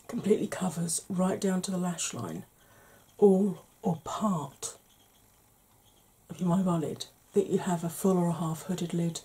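A woman hosting a soft-spoken makeup tutorial, chatty and explaining each step, tired and yawning. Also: fairly low pitch, husky.

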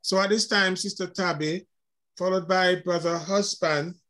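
A man pastor presiding over a memorial service, briskly calling the next speakers. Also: high voice, fairly even intonation, pushed and bright. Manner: brisk, directing the program.

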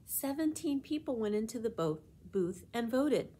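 A woman's voice: on the high side, animated, normal speed, warm tone, slightly rough, pitched above the performer's own voice. A woman voicing a determined young schoolgirl in a storybook read-aloud, with emphatic, questioning lines. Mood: insistent.

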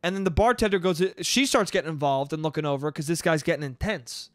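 A man with a high voice tells a story on his own podcast, cursing casually and wandering off track. He laughs at his own lines. The sound is dry and close. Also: fast talker, no room sound. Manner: rambling, profane, laughs at his own stories. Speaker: podcast host.

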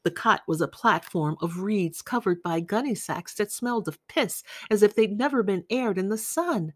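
A woman reading a literary novel aloud in a measured, unhurried way. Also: medium pitch, animated, dry recording. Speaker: audiobook reader. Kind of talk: literary audiobook narration.

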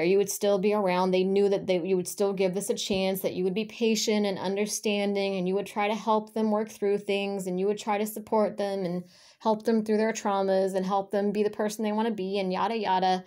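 A woman talking straight to her viewers in a loose, unscripted energy reading, at a mid pitch for a woman. She rambles, restarts her sentences and fills them with fillers. She speaks bluntly and swears freely. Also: darkish tone. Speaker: spiritual energy reader. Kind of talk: casual spoken reading to camera.

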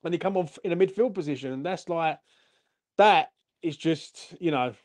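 A young man, fuming and blunt as he hosts a post-match fan stream. His voice sits a touch high, and the swearing never lets up. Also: moderate pace, a little mellow. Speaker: fan channel host. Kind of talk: angry post-match livestream rant.

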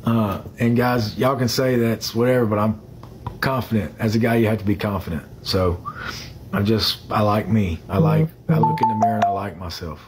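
A man's voice: lowish voice, normal speed, a little mellow, a little hiss or hum. A man chatting casually on a phone livestream. He rambles, fills the gaps with "uh", and greets viewers by name.

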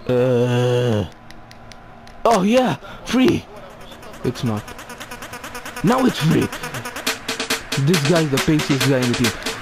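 A young man providing excited commentary over his own football video game, calling out players' names and cheering or groaning at each play. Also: mid-range voice, slow pace, pauses often, soft background music. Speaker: gaming YouTuber.

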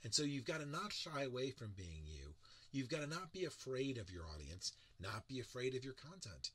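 Man, speaking coach, lively swooping pitch, bright husky voice, motivational talk. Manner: animated, swings from soft and slow to loud bursts. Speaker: presentation coach. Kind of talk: motivational lecture to camera.

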